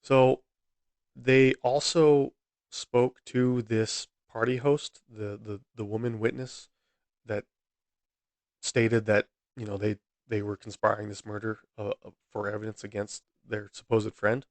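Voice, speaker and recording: A man's voice: on the low side, level tone, a little slow, no room sound. A man hosting a solo true-crime podcast, talking in an exasperated, rambling way with frequent outbursts and restarts. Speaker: podcast host.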